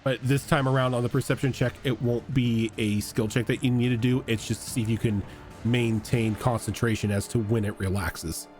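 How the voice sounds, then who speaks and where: Guy running a dnd game, explains rules, describes the scene, some quiet music under it. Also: mid-range voice, fairly even intonation, normal speed. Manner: descriptive, rules-minded narration. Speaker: game master. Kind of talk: narrating a tabletop game.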